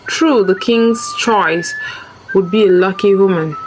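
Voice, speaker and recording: A woman narrating a scripted folktale in a slow, measured storytelling manner, with music behind her. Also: medium pitch, background noise. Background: background music.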